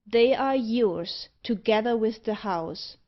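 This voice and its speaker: A woman voicing a suave, wealthy male tempter with a mocking, devilish air, delivering his lines slowly and deliberately. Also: a little high. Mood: smooth. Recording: dull lo-fi audiobook recording.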